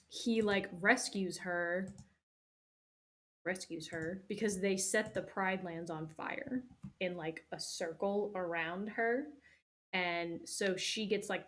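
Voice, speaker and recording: A young woman hosting, recapping a movie casually in a rambling, profane way full of fillers. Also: lowish voice. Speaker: host.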